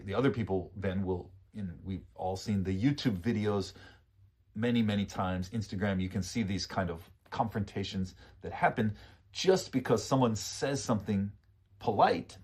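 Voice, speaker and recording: A man with a husky, somewhat low voice teaching conversation phrases. He talks in a relaxed, animated way and says key phrases several times so learners can repeat them. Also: moderate pace. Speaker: English teacher. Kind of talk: casual spoken English lesson.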